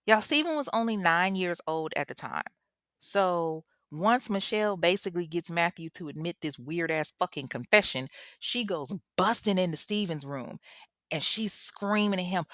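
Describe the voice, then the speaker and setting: A woman narrates a true-crime story in a loose, conversational way, full of profanity and asides to her audience. Her voice sits somewhat low. The recording is dry and close. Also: lively intonation, moderate pace, a bit bright, no echo. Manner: casual, profane, addresses audience directly.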